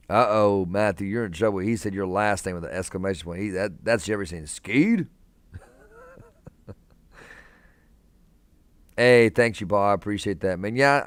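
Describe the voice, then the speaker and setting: A young man with a low, smooth voice chats easily on a live stream from a hospital room. He talks in a relaxed, friendly way, reading out viewers' names and calling them brother. The sound is close and dry, with no room echo. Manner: laid-back, calls viewers man and brother, reads chat aloud.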